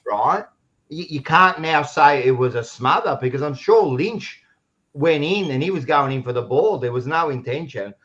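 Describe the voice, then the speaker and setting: A man's voice: a little high, lively intonation, moderate pace, fairly bright tone, dull audio. An Australian man hosting a casual sports podcast, rambling and blunt, often restarting his sentences. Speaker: podcast host.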